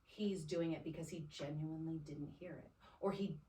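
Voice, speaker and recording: A woman's voice: low-pitched, fairly even intonation, normal speed, dark tone, a little hiss or hum. A woman in casual chat, telling a story with energy, often acting out both sides of an exchange and ending her points with a questioning "right?". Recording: roomy sound from a distant mic.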